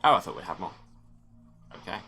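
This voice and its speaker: A man's voice: brisk, pushed and bright. A man hosting a game playthrough, reading the story text aloud and adding wry asides. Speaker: let's play host.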